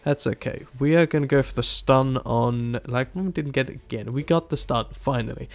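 Excitable man commentating a game. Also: mid-range voice, moderate pace, gravelly. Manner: animated, exasperated, quotes his own reactions. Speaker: gaming YouTuber. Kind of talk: casual gameplay commentary. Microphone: desktop mic, no camera.

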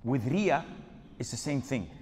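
A man's voice: medium pitch, animated, a little slow, darkish tone, slight background noise. A male preacher giving a humorous question-and-answer talk, acting out the dialogues in his stories. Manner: acts out dialogues in storytelling. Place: Islamic center lecture hall. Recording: long hall reverb.

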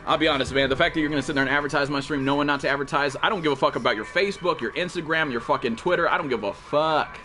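Young man, game streamer, fast, profane, blunt, faint background music. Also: on the high side, pushed and bright. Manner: profane, blunt, scolding chat viewers. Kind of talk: live gameplay stream commentary.

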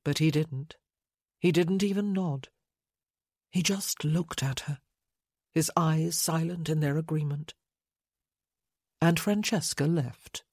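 A woman narrating an audiobook in a measured, unhurried reading. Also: low voice, steady tone, darkish tone, no echo, studio quality.

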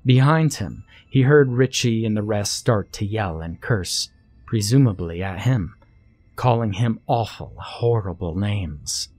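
A man narrating a scary story in a slow, measured storytelling manner. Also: fairly low pitch, lively intonation, darkish tone. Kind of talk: scripted horror narration.

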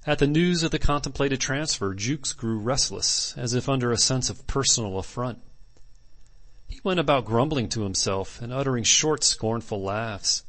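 A man narrating a classic novel as an audiobook in measured, deliberate phrases. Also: mid-range voice, animated, a bit bright.

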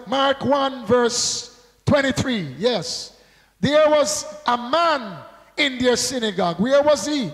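A man's voice: extremely high pitch, fairly bright tone, big-room sound, low-quality recording. A male pastor preaching a sermon, drawing out call-and-response with rhetorical questions and prompts to the congregation.

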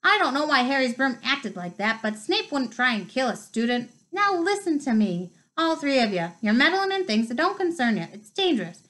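A gruff, insistent giant of a man speaks in a storybook reading, with a woman putting him on. The voice sits fairly high and stays close to the reader's own. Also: very animated, moderate pace, hardly any pauses, a bit bright. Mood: heated. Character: Hagrid, big gruff grown man gamekeeper.

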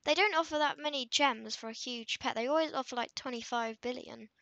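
A woman's voice: sits high, a little fast, vocal fry, pushed and bright, no echo, highs cut off. A woman rambling through casual gameplay commentary for her channel, with lots of fillers and self-conscious asides. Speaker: gaming video creator.

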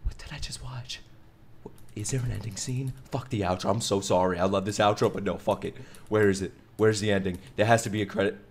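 A young man reacting to an anime episode, excitable and profane, shouting and laughing at the big moments. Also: on the low side, fast talker, hardly any pauses, slight background noise. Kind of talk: live reaction commentary.

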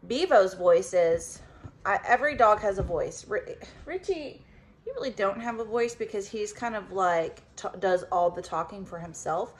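A woman chatting casually at home about her pets, animated, slipping into baby talk with the dogs. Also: mid-range voice, normal speed, poor audio. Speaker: vlogger and dog owner. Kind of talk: casual chat.

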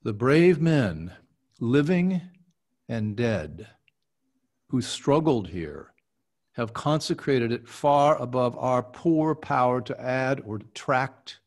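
A man speaking at a very unhurried pace, giving a measured, deliberate recitation of a historic speech. Between passages he talks in a halting, casual way, restarting his sentences as he chats with his voice coach. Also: medium pitch, lively intonation. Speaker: podcast host.

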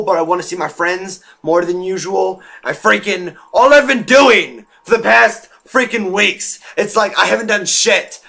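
A man's voice: fairly high pitch, sharp tone. A teenage boy rambling and ranting to his camera, swearing freely and filling gaps with fillers. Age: teens. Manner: rambling, profane, restless, with frequent fillers. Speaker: vlogger.

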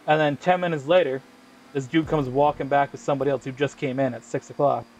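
Man, gaming host, casual rambling chat, swears a lot, slang fillers, mid-pitched voice. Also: fairly even intonation, fast talker, darkish tone, slight background noise. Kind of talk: casual chat while racing in a game.

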